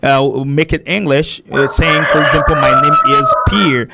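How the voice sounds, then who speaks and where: A man's voice: a little high, moderate pace, vocal fry, heavy background noise. A man hosting a call-in English lesson, patiently repeating and rephrasing his explanations for a caller. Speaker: English teacher and show host.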